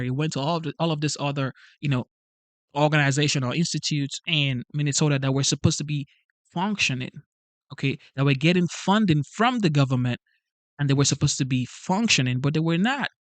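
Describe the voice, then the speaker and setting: A man hosts a live stream, speaking with a fairly high pitch for a man. He repeats lines and fires off rhetorical questions in a lively way. His voice sounds dry and close to the mic. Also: a little fast, no echo. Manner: animated, repetitive, asks rhetorical questions. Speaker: channel host. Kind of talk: live-stream commentary reading chat.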